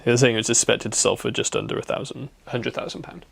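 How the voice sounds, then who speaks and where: Young male co-host, gravelly, relaxed, dry humour. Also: mid-range voice, quick pace. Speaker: podcast co-host. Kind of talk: casual chat.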